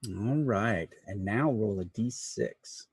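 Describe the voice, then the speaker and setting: A man's voice: fairly low pitch, expressive, slow pace, husky. A man narrating as game master, hesitant and full of fillers and restarts. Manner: hesitant, many fillers and repeated words.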